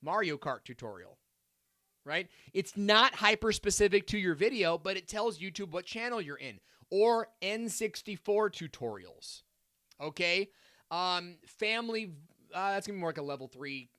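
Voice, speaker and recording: A man's voice: high voice, animated, moderate pace, pushed and bright, no room sound, clean studio sound. A man hosting a live stream, reading out viewer comments and answering them in a chatty, upbeat way with lots of fillers and asides.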